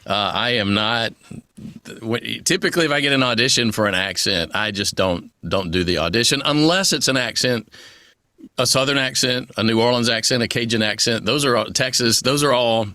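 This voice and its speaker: A man's voice: mid-range voice, pushed and bright, no room sound. Man, voice actor guest, chatty and rambling, dry close mic. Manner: chatty, rambling, quick asides. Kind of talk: conversational interview.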